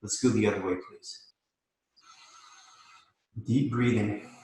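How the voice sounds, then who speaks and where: A man leading a live mobility class as yoga instructor, calmly cueing each step while demonstrating. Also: fairly low pitch, slow, slight background noise. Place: yoga studio. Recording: echoey room.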